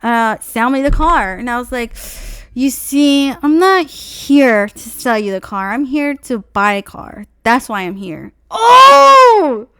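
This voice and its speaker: A young woman telling a story in a casual vlog, animated and swearing freely as she acts out both sides of a conversation. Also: fairly high pitch, measured pace, clear, resonant tone, dry recording, clean studio sound.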